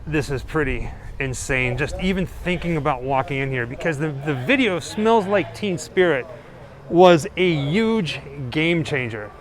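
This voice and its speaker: Upbeat male vlog host, slightly high. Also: lively intonation, unhurried. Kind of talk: casual vlog walkthrough. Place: outdoors on a studio lot, then inside a soundstage.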